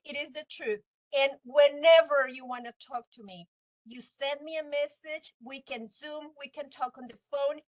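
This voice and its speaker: A woman's voice: high-pitched, rough recording. A woman teaching a university class, giving a heartfelt farewell talk to her students, close to tears. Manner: heartfelt, near tears, warm and encouraging.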